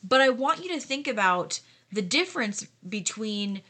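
A woman's voice: on the high side, expressive, normal speed, sharp tone. A woman co-hosting a casual Bible discussion podcast, thoughtfully explaining historical context. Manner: thoughtful, explanatory, asks listeners to imagine. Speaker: podcast co-host.

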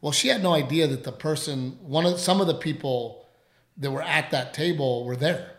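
A man's voice: a little high, normal speed. Rambling man telling a story, roomy sound. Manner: animated, rambling, frequent fillers. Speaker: radio show host. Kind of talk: casual storytelling chat.

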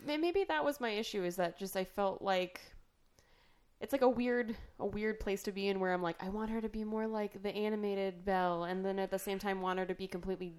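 A woman co-hosting a podcast who talks in a soft, agreeable way and thinks aloud. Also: mid-range voice, fairly even intonation, a little fast, smooth. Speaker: podcast co-host. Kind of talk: casual podcast chat.

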